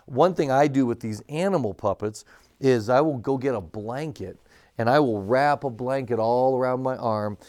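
A man's voice: mid-range voice, moderate pace, a little mellow. A man who leads a church puppet ministry, giving a casual hands-on lesson on puppets, chatty and full of fillers. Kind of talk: casual instructional demo.

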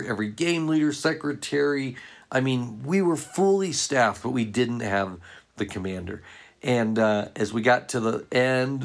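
Male ministry leader, gravelly voice, earnest anecdotal storytelling to a church audience. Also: mid-range voice. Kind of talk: storytelling talk to ministry workers.

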